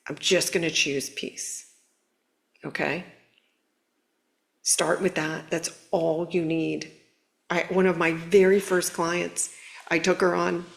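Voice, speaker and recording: A woman hosting a spiritual guidance video, talking in an earnest, conversational, animated way. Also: lowish voice, slow, vocal fry, long pauses. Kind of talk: casual spiritual coaching talk.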